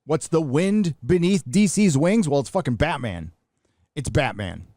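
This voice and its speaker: A man's voice: fairly high pitch, sing-song, unhurried, dark tone, no echo, clean studio sound. A middle-aged man from the United States hosting a live show, talking bluntly and casually with profanity and frequent restarts. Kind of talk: casual livestream commentary.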